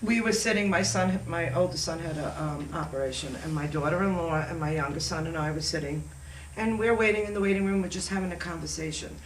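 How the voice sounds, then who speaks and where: A woman's voice: lowish voice, quick pace, a little hiss or hum. Guest, middle-aged woman, hesitant storyteller searching for words, echoey room, mic far off. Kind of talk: casual storytelling on a talk show.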